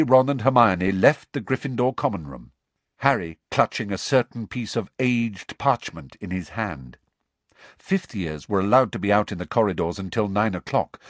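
Male audiobook narrator, low husky voice, lively inflection, dry close sound. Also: no room sound. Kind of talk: scripted narration.

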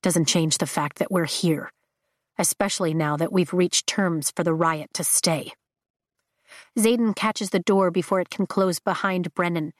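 A woman narrating a novel in the first person, steady and measured, on a close mic. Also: lowish voice, dry recording. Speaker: audiobook narrator.

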